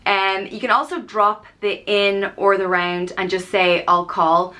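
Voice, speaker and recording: Bright-voiced Irish woman explaining slang. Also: mid-range voice, fairly even intonation, a little slow. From Ireland. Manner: chatty, with many "um"s and playful acted-out example phrases. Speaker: vlogger. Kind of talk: casual explanatory vlog.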